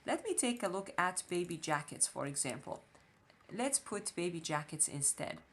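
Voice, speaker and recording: A woman's voice: lowish voice, very animated, moderate pace, a bit bright, a little hiss or hum. Woman thinking aloud in a screen tutorial. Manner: thinking aloud, frequent fillers and restarts. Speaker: online marketing instructor. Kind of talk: screen-share tutorial walkthrough.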